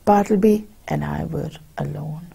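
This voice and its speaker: A woman lecturer talks through a story at an unhurried pace, reading lines aloud and then explaining them. Her voice is low and dark, with a gravelly, husky edge, and she pauses often with fillers and restarts. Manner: slow, hesitant, with many fillers and restarts. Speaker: literature lecturer.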